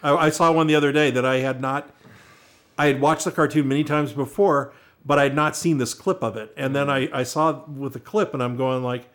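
A man's voice: medium pitch, fairly even intonation, a little fast, fairly bright tone. A middle-aged American man in casual chat, telling long stories with many restarts and fillers. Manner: rambling storyteller with many restarts.

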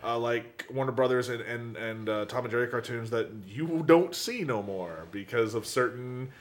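A middle-aged American man in casual chat, joking and bantering quickly. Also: medium pitch.

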